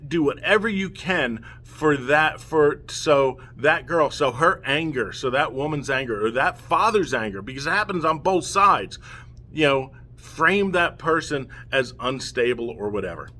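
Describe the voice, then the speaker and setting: A man's voice: on the high side, expressive, a little slow, sharp tone. A middle-aged man delivers an impassioned, emotional rant straight to the camera as a father, heated and pleading, often checking in with "okay?". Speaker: father speaking out against family courts.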